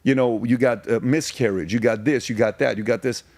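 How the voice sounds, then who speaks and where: A man in his forties who grew up in Iran talks as a podcast guest at a mid-range pitch, pressing his points with rhetorical questions. His voice is close and dry on a studio mic, with no room sound. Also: fairly even intonation, fairly quick, darkish tone, no room sound. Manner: emphatic, fires rhetorical questions. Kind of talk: casual storytelling interview.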